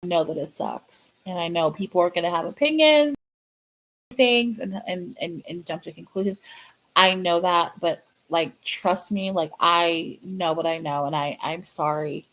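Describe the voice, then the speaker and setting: A woman hosting her own fan channel, chatting casually and sadly to viewers, halting and repeating herself with many fillers. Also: lowish voice, a bit bright, rough recording. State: sad, grieving. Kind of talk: casual livestream chat to viewers.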